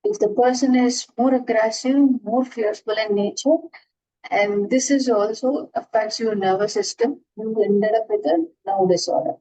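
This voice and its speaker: A woman's voice: a little high, fairly even intonation, moderate pace, mellow, poor audio. A woman teaching astrology in an earnest lecture, restarting and repeating herself often as she explains. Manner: earnest, repetitive, frequent restarts. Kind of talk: classroom lecture.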